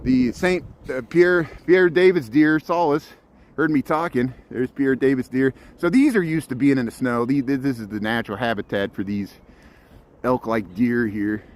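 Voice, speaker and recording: A man's voice: medium pitch, moderate pace. A man live-streaming on a phone as he walks outdoors through a zoo in the snow, chatting casually, laughing often and answering viewer comments. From Chicago area.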